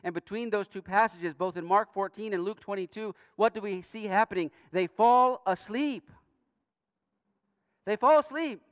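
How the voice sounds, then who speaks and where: A man preaching a sermon as pastor in a church, earnest, with emphatic rising bursts and quiet asides. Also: sits high, no room sound, studio quality, big-room sound. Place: church sanctuary.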